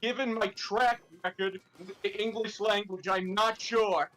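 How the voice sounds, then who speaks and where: A man voicing Luigi, an excitable, clumsy young plumber hero who stumbles over his words, in a casual fan-fiction table read. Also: high voice, a little slow. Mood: flustered.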